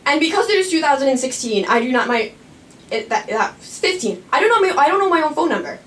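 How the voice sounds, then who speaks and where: A woman's voice: high voice, very animated, fast talker, fairly bright tone. A young woman telling a true personal story on stage in a chatty, self-mocking way. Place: small performing arts studio stage. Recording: echoey room from far off.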